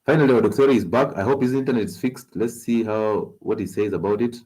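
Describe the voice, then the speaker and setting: A man with a Kenyan accent hosting a health talk stream, animated and coaxing, laughing often as he gives advice. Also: lowish voice, fast, breathy edge. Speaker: health show host.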